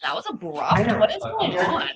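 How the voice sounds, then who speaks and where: A woman's voice: mid-range voice, wildly swooping pitch, normal speed, a crowd in the background. A woman streamer reacting to a court hearing, chatty and joking with her viewers. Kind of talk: casual reaction commentary.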